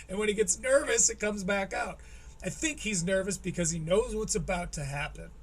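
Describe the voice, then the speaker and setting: Sarcastic high-voiced male stream host. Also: big pitch swings, measured pace. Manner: sarcastic, profane, mocking. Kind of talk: live-stream commentary on a clip.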